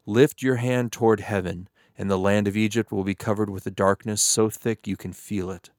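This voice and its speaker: Solemn divine voice read by a man in a Bible reading; low, dry studio sound. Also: fairly even intonation, moderate pace, darkish tone, dry recording, close to an everyday voice. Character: God speaking, solemn and commanding.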